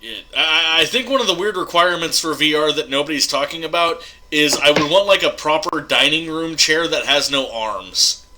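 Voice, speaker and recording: A man's voice: a little high, normal speed, noisy background. A male host chatting casually on a podcast, talking loosely with lots of fillers and laughing often. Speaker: show host.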